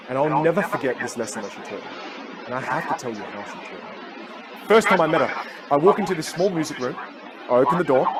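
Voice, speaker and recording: A man whose first language is Teochew gives a keynote talk as a communication coach. He tells stories and acts out the voices. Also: a little high. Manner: animated storyteller who acts out voices. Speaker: public speaker and communication coach. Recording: live talk with loud crowd and noise.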